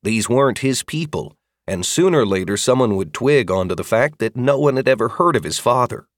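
A man narrating a fantasy audiobook with steady, expressive storytelling. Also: mid-range voice, brisk, dry recording, studio quality.

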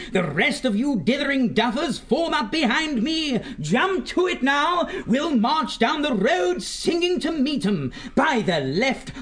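A jolly old hare officer barking orders in hearty, old-fashioned style. The voice sits very high, and the words roll out slowly and grandly. He sounds bossy and full of bluster. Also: fairly bright tone, full character voice.

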